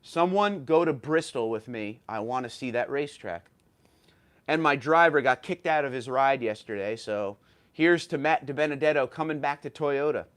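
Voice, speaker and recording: A man in his thirties from New York runs a casual livestream, chatting as he reads viewers' messages aloud and responds. His medium-pitched voice is animated and a bit bright at normal speed, though he seems a little tired and stumbles occasionally.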